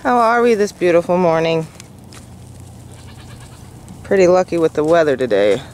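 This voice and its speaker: A woman running a casual farm vlog, chatting relaxed and cooing sweetly to her goats and dog outdoors. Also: fairly low pitch, moderate pace, slight background noise. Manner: relaxed, talks sweetly to animals. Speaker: goat farmer vlogger.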